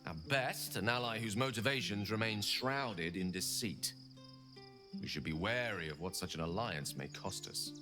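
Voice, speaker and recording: An actor playing a cautious, formal warrior in a video game, speaking in an expressive, measured way. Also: male voice, lowish voice, lightly acted. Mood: wary. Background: game music and crickets.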